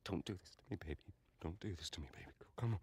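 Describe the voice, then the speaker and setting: A man's voice: low-pitched, racing, natural voice. An actor playing a desperate father pleading over his injured daughter in a game cutscene, sobbing and broken. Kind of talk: video game cutscene acting. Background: heavy game score music.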